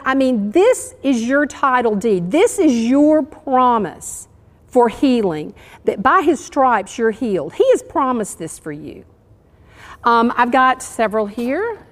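An earnest, encouraging woman preaches to her congregation. Her voice sits fairly high and grows emotional. It carries a long reverb from the church hall. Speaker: church speaker. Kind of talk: sermon. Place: church sanctuary.

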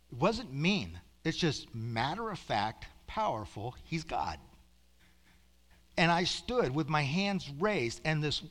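A man giving an earnest testimony to a congregation as a preacher, often slowing into hushed near-whispers. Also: medium pitch, long reverb tail.

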